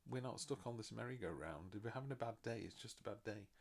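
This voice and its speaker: A middle-aged man giving a casual tarot reading, chatty and self-mocking, with animated asides. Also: on the low side, fast talker, creaky. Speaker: tarot reader.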